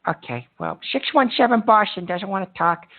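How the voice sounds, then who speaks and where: A high-pitched, gravelly man speaks over a tinny phone line. He is hosting a call-in show from a hospital room while in pain. He rambles through fillers, swears, and turns irritable fast. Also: animated. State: in pain from a back injury. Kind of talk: call-in radio talk.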